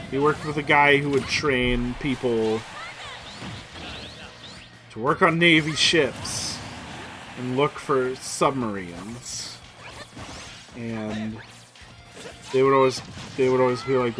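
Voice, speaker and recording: A young man with a bright, forceful voice rambles through casual stream commentary while he plays. He swears a lot, mocks himself, and plays up a put-on voice. Faint music runs underneath. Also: mid-range voice, slow pace, long pauses. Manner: rambling, profane, self-deprecating; playing up a put-on voice.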